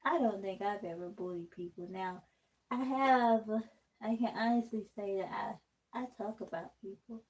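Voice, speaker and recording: A woman vlogs casually as she removes her braids, talking directly to the camera in a candid, rambling way. Her voice is medium-pitched and moderately paced, distinctive enough that people remark on it, and the recording quality is poor.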